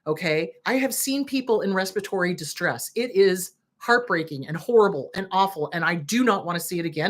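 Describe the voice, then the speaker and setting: Blunt, lively-voiced woman host. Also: mid-range voice, a little fast, hardly any pauses. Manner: blunt, indignant, swears freely. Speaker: host, therapist. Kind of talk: direct-to-camera commentary.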